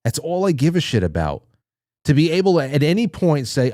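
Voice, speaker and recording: Dark-voiced man hosting a livestream. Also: medium pitch, sing-song, fairly quick, no echo, clean studio sound. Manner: rambling, candid, swears casually. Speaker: podcast host. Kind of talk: casual livestream chat. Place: dim small studio room.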